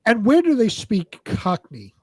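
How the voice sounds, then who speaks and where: A man's voice: sits high, wildly swooping pitch, a little slow, dark tone, breathy edge, no echo. A man co-hosting a casual chat who keeps asking puzzled questions. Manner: puzzled, asks many questions. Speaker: co-host.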